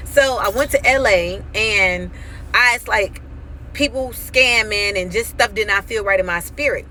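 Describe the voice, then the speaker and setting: A woman in her thirties giving an animated, emphatic faith testimony on her vlog, acting out quoted dialogue as she tells the story. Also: medium pitch, normal speed, slight background noise. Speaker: vlogger.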